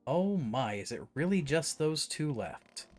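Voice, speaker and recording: Chatty male game streamer, slightly high voice. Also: very animated, a little slow, soft background music. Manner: chatty, self-mocking, reads on-screen text aloud. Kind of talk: casual gameplay commentary.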